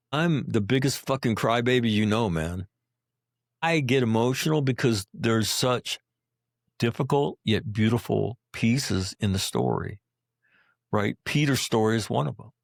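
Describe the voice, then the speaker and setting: A man's voice: medium pitch, expressive, measured pace, vocal fry, dry recording, clean studio sound. A middle-aged man, a veteran guest on a podcast, tells emotional personal stories in a blunt, profane way, often checking in with "right?" and "you know".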